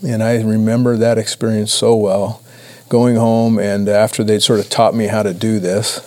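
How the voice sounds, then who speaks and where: A man giving a personal testimony talk to a church audience, earnest and halting with many restarts. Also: lowish voice, level tone, a little mellow. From Idaho, USA. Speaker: church speaker.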